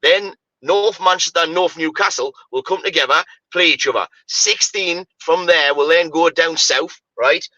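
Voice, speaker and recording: A man's voice: on the high side, normal speed, hardly any pauses, sharp tone, dry recording, low-quality recording. A man, ranting animatedly about football on a casual podcast, full of "mate" and "you know, like". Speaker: podcast co-host.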